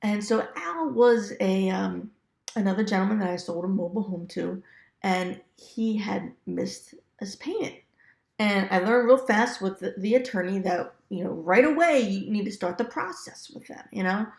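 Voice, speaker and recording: A woman talks straight to the listener in a casual storytelling style, her voice carrying a gravelly fry. She laughs easily and acts out little quoted asides. The recording has a noticeably roomy echo. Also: medium pitch, moderate pace. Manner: chatty, laughs often, lively quoted asides. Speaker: real estate investor sharing stories.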